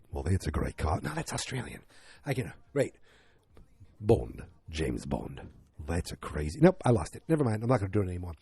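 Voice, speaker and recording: A man's voice: mid-range voice, a little mellow, husky, no echo. A man hosting a podcast, rambling through a loose, jokey, self-mocking movie review. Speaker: podcast host. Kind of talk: casual movie review monologue.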